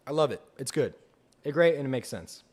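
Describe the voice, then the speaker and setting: A young man hosting a live fan podcast, reacting to picks with excited, repetitive enthusiasm. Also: medium pitch, fairly quick. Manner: excited, enthusiastic, repeats himself. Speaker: podcast host.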